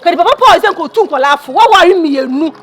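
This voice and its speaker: A woman's voice: high voice, sing-song, moderate pace. An actress with a Ghanaian accent playing a flashy young woman who laughs, teases and mixes Twi with English slang as she brags about luxury things. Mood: gossiping. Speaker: actress in a Kumawood film. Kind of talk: dramatic film dialogue.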